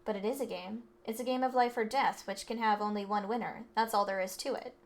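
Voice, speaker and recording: A woman's voice: mid-range voice, steady tone, fairly quick, lightly acted. A woman reading an arrogant, cold rich teenage heir, speaking haughtily and condescendingly. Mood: haughty. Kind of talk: reading game dialogue aloud.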